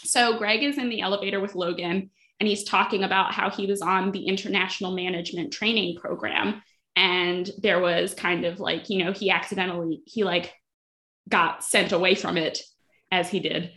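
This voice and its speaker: A woman podcast host casually recapping a TV episode, telling it in a lively way with acted-out quotes. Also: on the low side, moderate pace. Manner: animated storytelling, acts out quotes.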